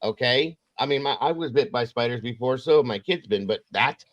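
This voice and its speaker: A man's voice: medium pitch, brisk, no echo, lo-fi sound. A man hosting a casual livestream, rambling and acting out the voices in his stories. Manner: rambling, animated storyteller acting out quotes. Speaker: true crime livestream host.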